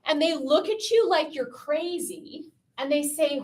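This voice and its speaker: Chatty higher-voiced woman giving a talk. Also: unhurried. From Canada. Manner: lively, chatty, asks the audience questions. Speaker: pro-life speaker. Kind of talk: lecture to a student audience. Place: room with a piano and a live audience.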